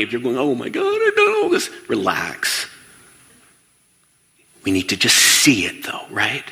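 A man giving a lively talk to an audience in a large hall. He asks the listeners questions and acts out the voices he quotes. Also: medium pitch. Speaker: speaker addressing an audience. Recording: long reverb of a large hall.

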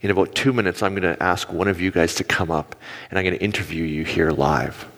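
Deep-voiced preacher in a reverberant hall. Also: male voice, fairly quick. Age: 40s. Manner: animated storytelling with acted-out quotes. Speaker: pastor. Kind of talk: sermon.

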